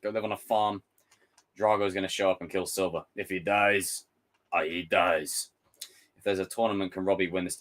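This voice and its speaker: A man's voice: sits low, fairly even intonation, moderate pace, a bit bright. A man hosting a casual live stream, ranting and swearing freely, mimicking others in exaggerated voices. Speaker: YouTube host reacting to a trailer. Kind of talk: casual livestream chat.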